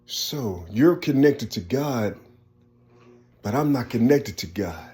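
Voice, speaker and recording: Man, slow and searching monologue, keeps circling back with "you see?", mid-pitched voice, unhurried. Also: animated. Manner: slow, halting, often trails off softly. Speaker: speaker sharing personal visions. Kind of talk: rambling personal monologue.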